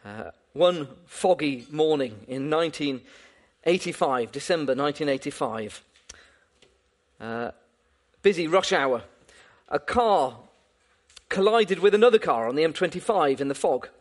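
High, lively preacher man. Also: measured pace. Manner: earnest, repeats words as he builds a point. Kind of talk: sermon with prayer and storytelling.

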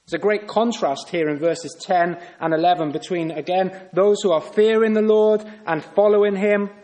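Earnest preacher, slightly high voice. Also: male voice, moderate pace, dark tone. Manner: earnest, with rhetorical questions to the congregation. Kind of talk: sermon.

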